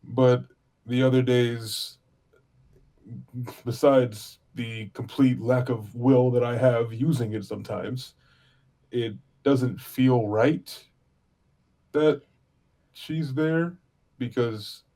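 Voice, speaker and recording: A man playing a grieving adventurer who speaks haltingly, searching for words. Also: mid-range voice, fairly even intonation, mellow. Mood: troubled. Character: grieving young adventurer haunted by a lost friend.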